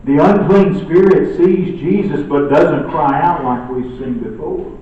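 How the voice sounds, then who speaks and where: A preacher delivers a slow, deliberate sermon, rising to loud emphatic peaks and then dropping to a hush. His slightly high voice sits far from the mic in a very echoey church sanctuary. The sound is dull, with a faint hiss underneath. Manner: dramatic shifts between loud emphatic and quiet hushed delivery.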